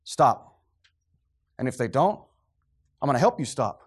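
A man's voice: mid-range voice, sing-song, a little fast, a little mellow, husky. A middle-aged man preaching a sermon to a congregation, fervent and preachy, sometimes losing his train of thought.

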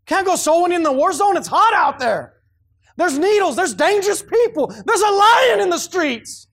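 A man voicing a lazy man who whines out excuse after excuse in a high, loud, drawn-out voice. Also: very animated, heavily acted. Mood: whining.

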